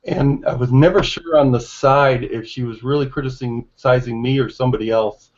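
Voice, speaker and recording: A man who is losing his voice, talking in a halting way with many fillers and restarts in a casual online group discussion. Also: mid-range voice. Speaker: regular hangout participant. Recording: dull lo-fi call audio.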